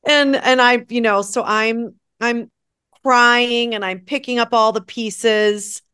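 Slow-talking woman telling a story. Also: a little high, smooth. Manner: animated, acts out quoted dialogue. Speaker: guest sharing a story. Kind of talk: casual storytelling chat.

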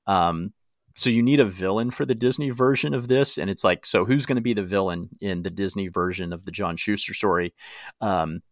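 Man, very low voice, dry close sound, casual podcast chat, playful, speculative. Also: dry recording. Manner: playful, speculative, quick to laugh. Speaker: podcast co-host.

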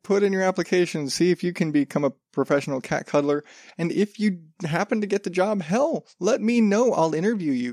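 Male podcast host, slightly high voice, rambling and cursing, dry close-miked sound. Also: a little mellow, no echo. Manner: rambling, profane, self-interrupting. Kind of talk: casual solo podcast chat.

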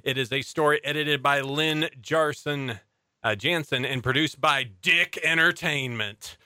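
A man's voice: fairly high pitch, a little slow, pushed and bright, clear, resonant tone, no echo, clean studio sound. A young adult man hosting a casual podcast, enthusiastically reading out show facts between jokes. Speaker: podcast host. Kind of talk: casual chat.

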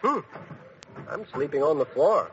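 A man's voice: on the high side, big pitch swings, unhurried. Breezy fearless boy hero. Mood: joking. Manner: breezy, joking, unflappable. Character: fearless cheeky young hero Bud, a boy. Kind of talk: 1940s radio acting. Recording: dull old radio broadcast with hiss.

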